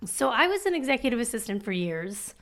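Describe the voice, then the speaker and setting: A woman's voice: on the high side, sing-song, a little fast, a bit bright. A young woman co-hosting a podcast, chatting casually, teasing and giggling as she cuts in. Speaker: podcast co-host. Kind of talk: casual chat.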